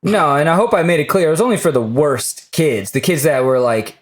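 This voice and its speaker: A man's voice: on the high side, brisk. A man hosting a podcast in casual chat, talking bluntly and swearing freely. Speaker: podcast host.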